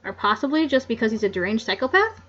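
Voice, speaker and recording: A woman's voice: on the high side, sing-song, quick pace, a bit bright, highs cut off. A woman playing a grumpy old coroner man. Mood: grumbling.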